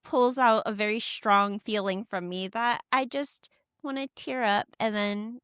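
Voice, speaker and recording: A woman's voice: a little high, measured pace, a bit bright, smooth, no echo, clean studio sound. A young adult woman co-hosting a podcast in candid, casual chat, swearing freely. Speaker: podcast co-host.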